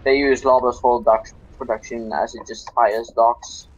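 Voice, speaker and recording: A man's voice: medium pitch, flat delivery, a little slow, slightly rough, lo-fi sound. A Dutch man with a slightly British-sounding accent, casually explaining game tactics while he plays. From Netherlands. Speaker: host playing and commenting.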